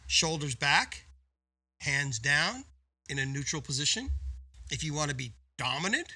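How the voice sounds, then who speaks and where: A man's voice: on the high side, sing-song, a little slow, pushed and bright, husky. A man co-hosting a business podcast, explaining in an emphatic, coaching way and often tagging points with "right?". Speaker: podcast co-host. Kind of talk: casual business podcast talk.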